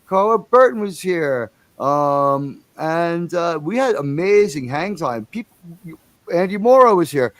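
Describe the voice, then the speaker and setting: A man's voice: a little high, expressive, unhurried, dry recording. A man hosting a casual livestream, rambling and chatty, with enthusiastic, profane asides. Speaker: livestream host.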